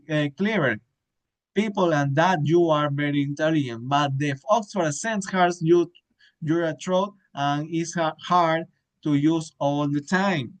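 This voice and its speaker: Halting man reading a book aloud. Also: a little high, low-quality recording. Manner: halting, frequent hesitations and restarts. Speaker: reader.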